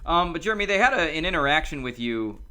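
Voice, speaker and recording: A man's voice: fairly high pitch, big pitch swings, fast talker, sharp tone, clear, resonant tone. A man co-hosting a podcast, casually recapping events with fillers. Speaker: podcast co-host. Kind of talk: casual chat.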